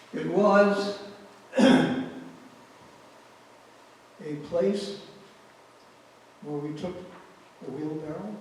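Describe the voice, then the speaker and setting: A man's voice: on the high side, a little mellow, slight background noise. A man in his eighties giving spoken testimony to an audience, telling his story earnestly and repeating words for emphasis. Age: 80s. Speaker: Holocaust survivor giving testimony. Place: large community event hall. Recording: echoey hall, voice from far off.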